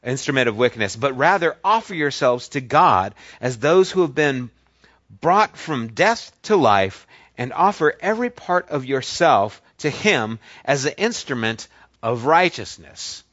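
A male preacher delivers a verse-by-verse sermon at an unhurried pace, leaning hard on key words and letting pauses hang. The recording is dry and close, with a dull, lo-fi tone. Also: mid-range voice, sing-song, fairly bright tone, dry recording. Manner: deliberate, emphatic, with drawn-out pauses on key words.

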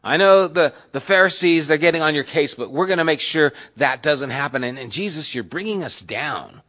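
A man's voice: a little high, expressive, normal speed, sharp tone. A man voicing a burly, earnest male fisherman disciple who pleads insistently. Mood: earnest pleading.

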